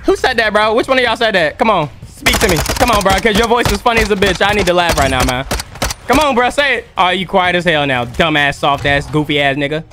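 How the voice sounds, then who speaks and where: A young man streaming a shooter game, mocking and taunting loudly in rapid-fire trash talk. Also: high-pitched, animated, over music. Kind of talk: trash-talking gaming commentary. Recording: noisy game audio behind voice.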